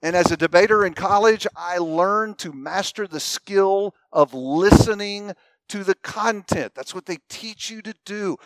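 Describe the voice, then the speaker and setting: A man's voice: high voice, a little slow, no echo. A man teaching a group, talking the audience through an illustration and putting questions to them. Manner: animated storyteller, asks the audience questions. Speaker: speaker teaching a class. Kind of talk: teaching talk with acted-out anecdotes.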